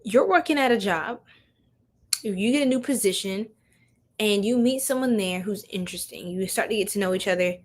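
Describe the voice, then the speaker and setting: A woman's voice: mid-range voice, moderate pace. A young woman giving a chatty live-stream tarot reading, laughing often and talking straight to her viewers in slang. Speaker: tarot reader.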